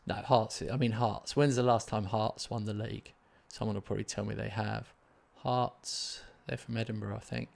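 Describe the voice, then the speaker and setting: A man hosting a casual gaming live stream, rambling and poking fun at himself as he reads out chat. His voice sits fairly low with a heavy, gravelly fry running through it. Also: flat delivery, moderate pace, few pauses. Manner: chatty, rambling, self-mocking.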